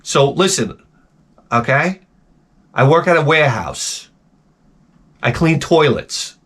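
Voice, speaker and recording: A man's voice: on the high side, very animated, slow, fairly bright tone, husky. Profane, exasperated man ranting casually. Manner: acts out voices in exaggerated bursts. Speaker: video host.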